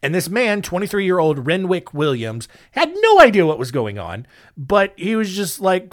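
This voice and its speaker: A man with a slightly high voice hosts a comedy history podcast. He tells the stories casually, with lots of ums, quick jokes and sarcastic asides. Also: big pitch swings. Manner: joking, rambling asides with many ums. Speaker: podcast host.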